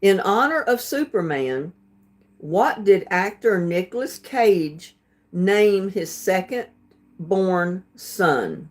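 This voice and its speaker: Slow-talking woman hosting a trivia livestream. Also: medium pitch, animated. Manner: reads questions slowly, laughs often, stumbles on words. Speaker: livestream host.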